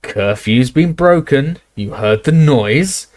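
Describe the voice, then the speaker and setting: A man voicing suspicious, menacing dark-wizard henchmen who talk curtly. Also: mid-range voice, animated, slow pace, pitched above the performer's own voice. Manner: curt, threatening.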